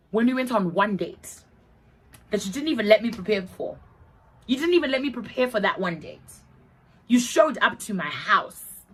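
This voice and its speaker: A woman's voice: mid-range voice, lively intonation, moderate pace, a bit bright, husky, poor audio. A young woman from Zimbabwe telling a story on her vlog, retelling it dramatically with acted-out quotes and plenty of swearing.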